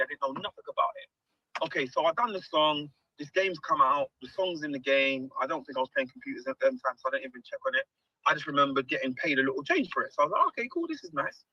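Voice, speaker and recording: A man's voice: a little high, dry recording, dull audio. A man, a guest musician telling stories in an interview and acting out the dialogue. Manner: animated, acts out quoted dialogue. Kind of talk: storytelling interview.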